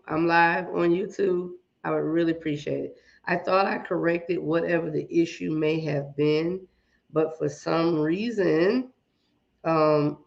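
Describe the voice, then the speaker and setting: A woman with a lowish, gravelly voice that wavers a little hosts a casual livestream, saying hello to viewers one by one as she chats. The recording, made on an iPad and phone at arm's length, sounds muffled.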